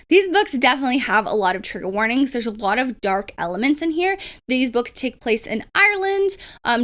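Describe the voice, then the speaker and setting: Young female vlogger, slightly high voice, gushing casual book talk. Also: a bit bright. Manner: chatty, gushing, filler-heavy with likes and ums. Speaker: booktube host. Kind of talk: casual book review chat.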